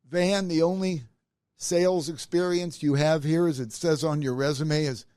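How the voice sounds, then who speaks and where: A man's voice: a little high, normal speed, no room sound, studio quality. A middle-aged man, a podcast host, telling a personal career story and acting out the voices of the people in it. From Nebraska. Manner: animated, acts out quoted voices.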